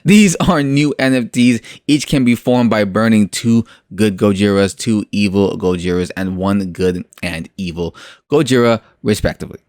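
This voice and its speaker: A man's voice: fairly low pitch, moderate pace, a little mellow, no room sound, studio quality. Jokey man hosting a crypto channel. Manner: jokey, sarcastic asides, many fillers. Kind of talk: casual commentary on a project.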